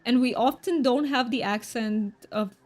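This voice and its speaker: A woman's voice: a little high, a little slow, a little mellow. A woman whose first languages are Romanian and Hungarian, chatting casually on a game stream and answering chat aloud.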